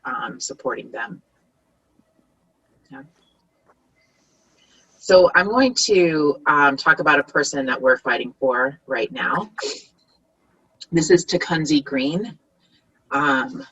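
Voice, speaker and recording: A woman giving an online workshop talk as a community organizer, earnest and halting, with frequent pauses and restarts. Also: extremely low pitch, gravelly, sharp tone, slightly rough, muffled recording. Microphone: video call.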